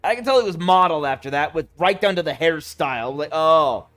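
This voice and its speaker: A man streaming a city-building game, talking casually and mocking the characters and game mechanics in an animated, sarcastic way. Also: on the high side, brisk, soft background music. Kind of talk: casual let's-play commentary.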